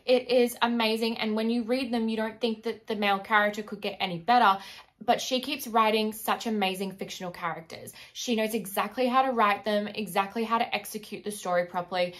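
A woman's voice: mid-range voice, fairly bright tone. A young woman chatting casually as a book vlogger, gushing with enthusiasm and lots of filler words. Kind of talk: casual chat.

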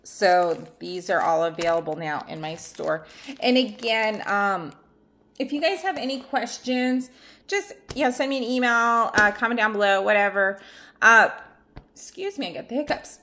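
A woman's voice: medium pitch, normal speed, sharp tone, slight background noise. A woman chatting casually in a vlog as she shows off nail art supplies from her online shop, rambling with lots of ums. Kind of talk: casual product showcase vlog.

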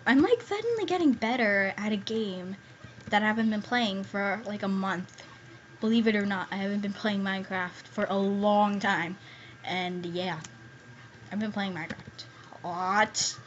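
A young woman giving excitable gameplay commentary as a gaming YouTuber, squealing and pleading when scared. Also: medium pitch. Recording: dull lo-fi home recording with faint hiss.

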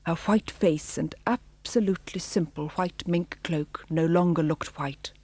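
A woman narrating a children's storybook audiobook with a measured, expressive reading. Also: fairly low pitch, husky.

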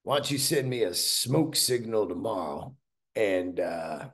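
Guy doing a mellow old rock guitarist voice, deep and slow, real easygoing. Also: expressive. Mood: laid-back. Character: laid-back older male rock guitarist, mellow and friendly.

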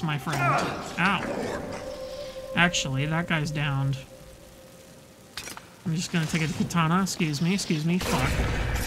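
A man playing a video game and commenting casually, excitable and swearing, taunting the enemies he fights. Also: fairly high pitch, measured pace, pauses often, background noise. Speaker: let's play host.

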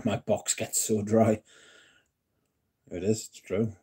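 A man's voice: fairly low pitch, little pitch movement, takes it slowly, mellow, husky. A man hosting a casual livestream, chatting and joking with viewers and swearing freely. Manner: sweary, joking banter with chat. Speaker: livestream host. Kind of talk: casual livestream chat reading comments.

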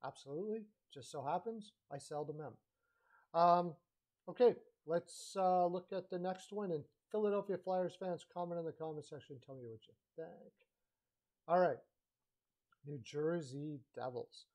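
A man's voice: a little high, unhurried, a little mellow. A man giving a blunt, opinionated, rambling solo talk as a hockey commentary vlogger, often correcting himself mid-sentence. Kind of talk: casual opinionated monologue.

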